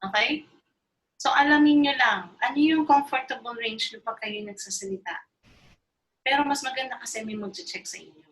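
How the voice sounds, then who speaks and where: A woman's voice: fairly high pitch, brisk, a bit bright, rough recording. A woman with a Filipino accent teaching voice in an online choir workshop, mixing English and Filipino in a coaxing, playful way over a video call.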